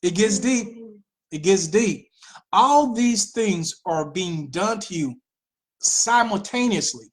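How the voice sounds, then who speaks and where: A woman hosting a political commentary show, talking in an animated way with mocking asides and repeated phrases. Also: mid-range voice, takes it slowly. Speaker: host.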